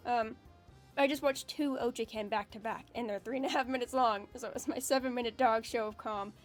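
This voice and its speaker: A woman streamer with a high, bright-pitched voice chats casually with her viewers on a live stream. She is excitable and emotional, swears freely, and sounds openly grateful. Quiet music plays faintly behind her. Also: fairly quick. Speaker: VTuber streamer.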